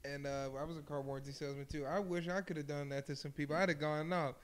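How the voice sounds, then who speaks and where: A young man on a casual podcast, a rowdy, profane and animated storyteller. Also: fairly high pitch, quick pace, hardly any pauses. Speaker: podcast co-host. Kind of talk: casual chat.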